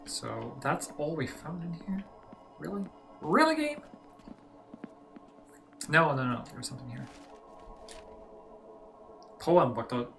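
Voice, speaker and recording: A man's voice: medium pitch, unhurried, creaky, pauses often, a bit bright, soft background music. A man talking through a horror game, casual let's-play commentary with chatty asides to himself. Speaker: gaming channel host.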